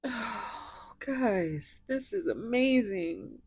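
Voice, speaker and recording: A woman's voice: on the high side, lively intonation, drawn-out words, husky, no room sound. A woman reading tarot cards to her viewers, gushing and emotional, often dropping into whispers, and teary. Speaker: tarot reader.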